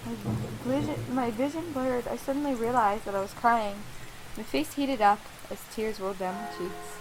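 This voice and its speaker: High-voiced young woman reading a game aloud. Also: over music. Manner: expressive, quick to blurt reactions. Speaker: let's play host. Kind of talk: reading a visual novel aloud with commentary.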